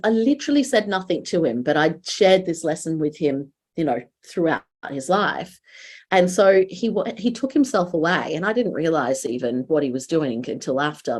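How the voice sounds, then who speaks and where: Storytelling Australian woman, low-pitched. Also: darkish tone. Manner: storytelling, quoting her children. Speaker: podcast co-host. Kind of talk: casual chat.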